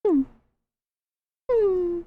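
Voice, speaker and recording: A woman's voice: very high-pitched, drawn-out words, phone-quality sound. A woman streamer giving playful, giggly, exclamatory commentary on a live game playthrough. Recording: game music under the voice. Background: game music.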